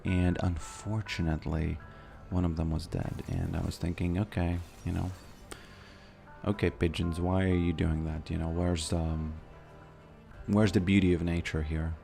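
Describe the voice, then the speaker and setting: Giving casual gameplay commentary while streaming, a man rambles, stammers and repeats himself a lot. His voice sits low, creaky and dark.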